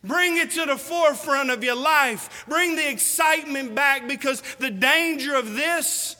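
A man's voice: very high voice, measured pace, bright, forceful tone. A man preaching a sermon, emphatic and folksy, firing questions at the congregation. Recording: reverberant hall.

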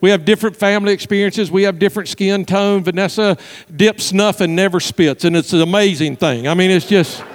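Male pastor, high voice, storytelling sermon, long reverb of a large hall; lively, with quiet hushed moments. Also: a little fast. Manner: animated storyteller, drops to soft hushed tones.

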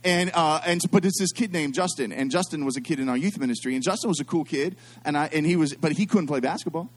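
A middle-aged man preaching a sermon as a pastor, animated and repetitive, calling on the congregation to answer him. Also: on the high side, fast talker, slight background noise.

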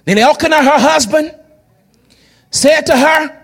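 A high-pitched male pastor preaches with a wide, swooping delivery. He jokes with the congregation and breaks into shouts at the climaxes. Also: normal speed, long pauses, slightly rough. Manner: animated, joking, shouting at peaks. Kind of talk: sermon.

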